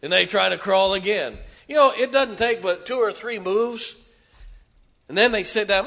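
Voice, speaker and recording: A middle-aged man preaching a sermon, telling folksy stories and swinging from hushed asides to loud, emphatic lines. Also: high voice, expressive, moderate pace. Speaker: pastor.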